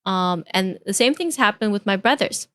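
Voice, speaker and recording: A woman's voice: mid-range voice, expressive, normal speed, fairly bright tone, no echo, studio quality. A woman VTuber streamer chatting casually to her stream, candid and rambling, venting with some exasperation. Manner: candid, rambling, with restarts and repeated phrases. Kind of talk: casual reaction-stream chat.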